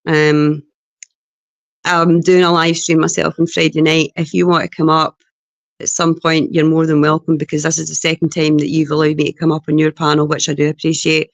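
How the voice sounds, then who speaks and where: A woman's voice: deep voice, level tone, normal speed, no room sound. Scottish woman, blunt, heavy swearing, livestream chat, dry sound. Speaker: guest on a livestream panel.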